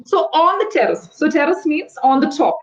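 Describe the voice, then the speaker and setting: Fast-talking high-voiced woman tutor. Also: expressive, lo-fi sound. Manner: fast-talking, explanatory, patient. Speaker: English tutor. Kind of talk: one-on-one online English lesson. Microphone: video call.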